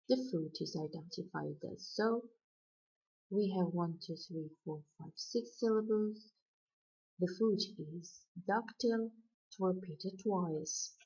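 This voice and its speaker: A woman lecturer explaining poetic meter in a slow, deliberate way, chanting out stress patterns. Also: on the low side, a little mellow, slightly rough. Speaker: university lecturer. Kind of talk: recorded poetry lecture. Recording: dull lo-fi recording.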